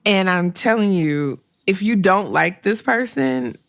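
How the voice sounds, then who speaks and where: A woman's voice: mid-range voice, lively intonation, measured pace, no echo, clean studio sound. A middle-aged woman hosting a career advice podcast, talking bluntly and sassily, with laughs and acted-out quotes. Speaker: podcast host and career coach. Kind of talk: candid solo podcast advice.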